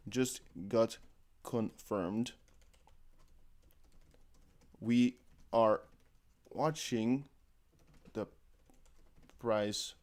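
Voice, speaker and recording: A man hosting a casual live stream, chatty and jokey, thinking aloud with many fillers. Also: medium pitch. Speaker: crypto livestream host.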